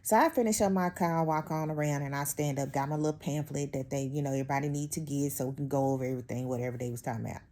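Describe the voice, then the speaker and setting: A woman's voice: sits low, fairly even intonation, rapid-fire, hardly any pauses, warm tone. A woman vlogger telling a workplace story in casual chat, chatty and exasperated, talking straight to her viewers. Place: at home.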